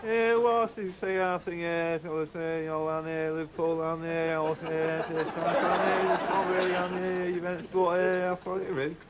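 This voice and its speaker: A man's voice: high-pitched, flat delivery, crowd noise, noisy background, close to an everyday voice. A man playing a mumbling footballer guest. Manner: halting, full of ums and uhs. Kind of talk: sketch comedy. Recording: old TV with loud studio audience.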